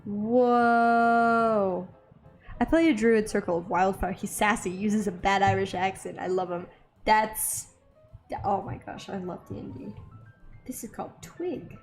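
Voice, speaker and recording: A young woman hosting an art channel, chatting casually and excitedly while she draws, rambling with lots of little gasps. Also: mid-range voice, normal speed, faint music behind. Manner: bubbly, easily excited, rambling. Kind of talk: casual chat while drawing.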